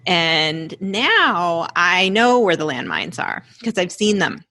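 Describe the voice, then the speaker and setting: A woman hosting a podcast, speaking in a measured, reflective way and laughing easily in casual conversation. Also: on the low side, sing-song, bright, forceful tone, no room sound. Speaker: podcast host.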